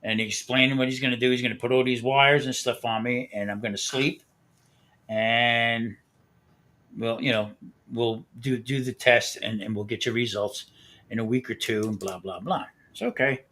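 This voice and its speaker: A bright, forceful-sounding man hosting a casual live stream. He spins a long, profane anecdote, laughing often between lines. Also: mid-range voice, fairly even intonation, moderate pace. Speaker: host.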